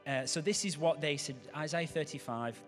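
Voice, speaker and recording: A man's voice: fairly high pitch, moderate pace, soft background music. A man, a pastor giving a sermon in a chatty way, with joking asides to the congregation.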